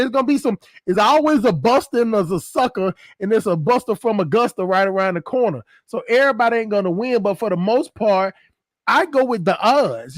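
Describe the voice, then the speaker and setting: A man's voice: very high voice, dry recording. A man hosting a casual livestream chat, rambling and slangy, laughing often. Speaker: host.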